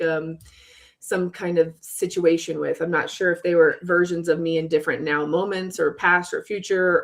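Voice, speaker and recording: A woman in her forties, a podcast guest, telling a story in casual talk and acting out the other people's voices as she goes. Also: fairly low pitch. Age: 40s. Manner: animated, acts out quoted voices.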